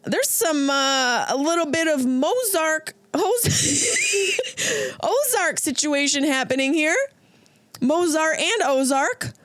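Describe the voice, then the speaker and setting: A woman's voice: high voice, expressive, a little slow, fairly bright tone. A woman comedian hosting her podcast, riffing through a comedic monologue and slipping into silly voices.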